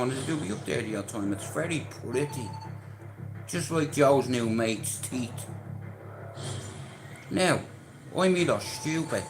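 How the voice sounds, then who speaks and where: An Irish man ranting on a livestream in an aggressive, profane and rambling way, confronting others. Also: a little high. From Ireland. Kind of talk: angry livestream rant. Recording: roomy sound with music behind. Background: music.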